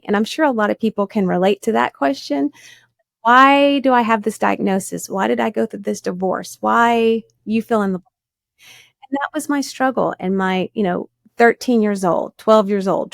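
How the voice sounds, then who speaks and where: A woman, recounting her past with earnest feeling as an interview guest. Her voice has a gravelly, fry-tinged texture. The sound is dry and close. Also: mid-range voice, dry recording. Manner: earnest storyteller, voice rising when moved. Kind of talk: personal testimony in a faith interview.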